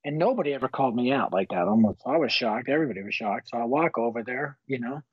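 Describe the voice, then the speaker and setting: A man in his fifties, a guest telling his personal faith story in an earnest, animated, folksy way. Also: medium pitch, fast talker, slightly rough, no echo. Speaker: guest author. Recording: slightly muffled, dull recording.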